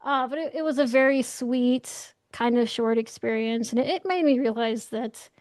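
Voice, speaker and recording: A woman's voice: on the high side, moderate pace, a little mellow, no room sound. A young woman telling stories casually as an interview guest, chatty with lots of "like" and frequent laughs. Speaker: interview guest, astral projector. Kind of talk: casual storytelling chat.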